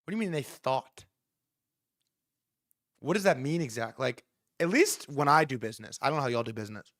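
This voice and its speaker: A young man in his twenties hosting a live stream, talking in a profane, excitable, rambling way. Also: mid-range voice, fairly quick, no echo, clean studio sound. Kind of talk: casual live commentary.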